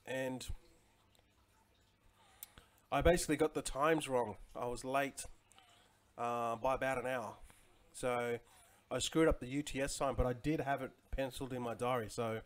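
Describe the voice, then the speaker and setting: A man's voice: mid-range voice, fairly even intonation, moderate pace, pauses often. Rambling forties man hosting a livestream. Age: 40s. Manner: rambling, filler-heavy, greets chat viewers. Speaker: crypto livestream host. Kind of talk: casual livestream chat. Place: home in Chiang Mai.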